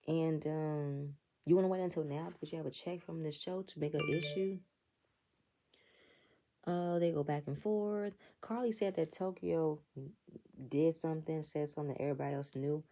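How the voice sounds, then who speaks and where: Woman, gravelly low voice, dark tone, blunt profane casual recap. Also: normal speed, pauses often. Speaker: reality TV reviewer.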